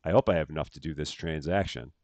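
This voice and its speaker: A man's voice: a bass voice, fast, vocal fry, darkish tone, no echo, dull audio. A man chatting casually as he live-streams a game at home, thanking viewers by name and laughing at himself. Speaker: streamer playing a bank simulator game.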